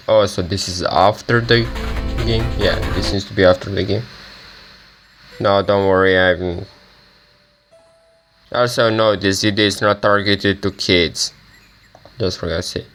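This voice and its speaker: A man's voice: low voice, fairly even intonation, a little slow, long pauses, fairly bright tone. A man hosting a casual game playthrough with a groggy morning voice, who rambles hesitantly and reads the game's story text aloud. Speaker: gaming channel host. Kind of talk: casual let's-play commentary, reading game text aloud.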